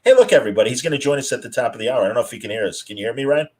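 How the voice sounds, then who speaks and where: A man's voice: mid-range voice, rapid-fire, breathy edge, low-quality recording. A man hosting a casual live-streamed chat over a video call, talking loosely with lots of fillers. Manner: chatty, many fillers and restarts. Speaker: host.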